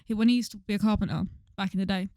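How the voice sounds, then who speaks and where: A woman's voice: medium pitch, steady tone, racing, a little mellow, no echo, studio quality. A young woman, co-hosting a casual podcast in a chatty, giggly way. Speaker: podcast co-host. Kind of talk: casual chat.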